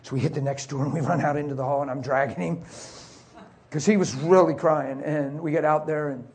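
A middle-aged man preaching a sermon as a story, acting out the voices and swinging from soft whispers to high cries. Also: steady tone, brisk.

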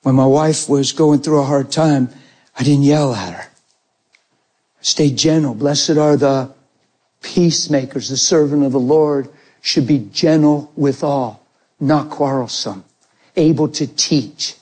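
A man's voice: on the high side, a little slow. A middle-aged man preaching a sermon, telling family stories and acting out the voices of parents and children. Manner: animated storytelling, acting out family dialogue.

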